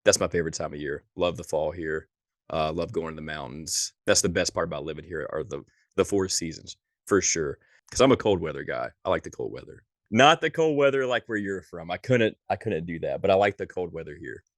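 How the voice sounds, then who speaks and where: A man from North Carolina, a podcast guest, chatting in a relaxed, easygoing way. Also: sits low, brisk, dry recording, studio quality. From North Carolina, USA. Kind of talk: casual chat.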